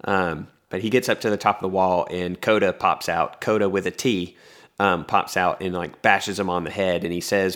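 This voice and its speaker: A man's voice: deep voice, steady tone, moderate pace, a bit bright. A man co-hosting a podcast, casually recapping an anime episode in a wry, rambling way with frequent restarts. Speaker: podcast co-host.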